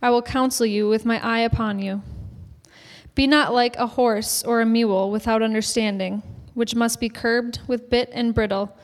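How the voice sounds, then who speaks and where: A woman reading scripture aloud in a measured, solemn way. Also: fairly high pitch, steady tone. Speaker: scripture reader. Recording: reverberant church hall.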